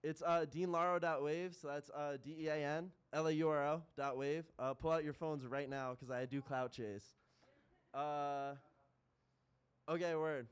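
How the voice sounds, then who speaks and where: A man's voice: a little high, fairly even intonation, unhurried, clean tone. A man performing boastful, explicit rap at a live open mic, then chatting casually to the crowd. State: out of breath. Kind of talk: rapping over a beat, then chatting to the crowd. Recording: loud hip hop beat behind.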